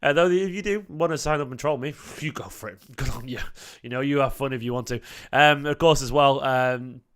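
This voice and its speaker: A man running a live football fan stream, talking fast and easily in casual banter. His pitch sits in the middle, and the chat is loose and friendly. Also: fairly bright tone, a little hiss or hum. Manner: chatty, quick, bantering. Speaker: fan channel host.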